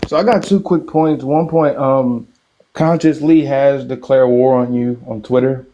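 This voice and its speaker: A man's voice: medium pitch, fairly even intonation, unhurried, mellow, highs cut off, slight background noise. A man calling in to a live stream, laying out his points matter-of-factly. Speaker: caller. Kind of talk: casual call-in chat.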